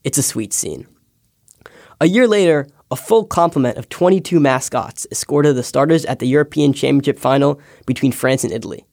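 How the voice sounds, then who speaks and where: A man's voice: mid-range voice, lively intonation, a little fast, gravelly, a little mellow, dry recording. Young American man, scripted personal essay, wry storyteller, dry close mic. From United States. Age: young adult. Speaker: podcast intern.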